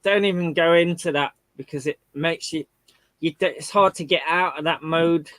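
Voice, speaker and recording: A man's voice: on the high side, fairly even intonation, normal speed, a bit bright, dry recording. A man who is a regular on a livestream, talking in an encouraging way and often saying "you know what I mean". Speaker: regular on the stream. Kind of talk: casual livestream chat.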